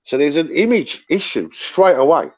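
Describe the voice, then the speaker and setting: A man's voice: on the high side, big pitch swings, moderate pace, muffled recording. A middle-aged man, rambling and swearing as he chats about football on a fan livestream. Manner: rambling, repeats himself, swears. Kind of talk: casual livestream chat.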